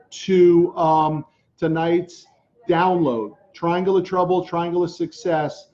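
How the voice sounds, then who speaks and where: A middle-aged man, a business coach answering viewer questions on a casual live stream, energetic and full of slang like dude and man. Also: a little high, dull audio.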